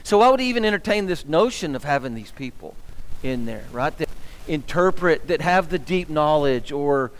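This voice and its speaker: A man teaching scripture to his congregation. He throws questions at the room and works himself up as he goes, and his fairly high voice rings out with the long echo of a church hall. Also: normal speed. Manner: animated, asks the room questions, gets fired up. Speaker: minister teaching a Bible class. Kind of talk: interactive Bible teaching with questions to the class.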